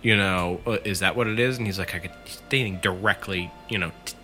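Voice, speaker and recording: Deep-voiced man telling a scary story. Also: brisk, pushed and bright, faint music behind. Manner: retells a friend's scary story in first person, swears freely. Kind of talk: casual storytelling.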